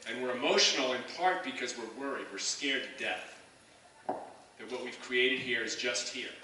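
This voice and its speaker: A man's voice: mid-range voice, normal speed, sharp tone, slight background noise. Earnest man speaking in an echoey hall. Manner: earnest storytelling with many restarts and fillers. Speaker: guest speaker at a high school assembly. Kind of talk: heartfelt speech to students. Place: large school gym or auditorium. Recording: echoey hall from far off, crowd.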